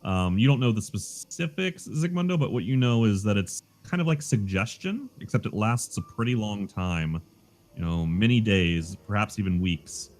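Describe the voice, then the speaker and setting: A man narrating as game master of a tabletop game, halting often with fillers. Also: lowish voice, lively intonation.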